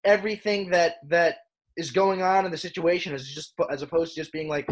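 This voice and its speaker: A man co-hosting a podcast, talking in a halting way with frequent "uh" and "I mean". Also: a little high, fairly even intonation. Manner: halting, with many "uh" and "I mean" restarts. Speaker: podcast co-host. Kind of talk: casual podcast chat.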